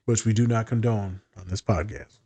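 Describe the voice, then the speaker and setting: A man's voice: lowish voice, normal speed. A man, a therapist and podcast host, talking casually, telling stories with lots of swearing and acted-out quotes. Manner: animated, profane storytelling with quoted voices.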